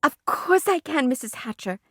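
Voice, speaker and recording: A pushy schoolgirl who wheedles and taunts in a high, sing-song voice, as a woman reader puts her on. The voice sits well above the reader's own and swoops as she begs. The sound is dry and close. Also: sing-song, moderate pace, a bit bright, no room sound, full character voice. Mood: eager pleading. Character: pushy bossy schoolgirl, pleading and teasing.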